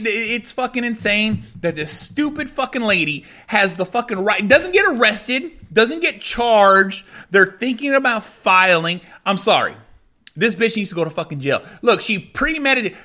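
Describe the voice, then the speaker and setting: Male podcast host, high bright voice, profane angry rant over a news clip. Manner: angry, profane, repetitive ranting. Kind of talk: ranting commentary on a news clip.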